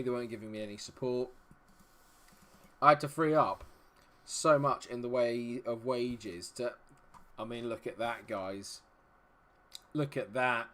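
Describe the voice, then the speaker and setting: Chatty male streamer, mid-pitched, talks to his live chat while playing. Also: moderate pace, pauses often. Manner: chatty, greets viewers, mutters while fiddling with settings. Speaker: live-streaming game player.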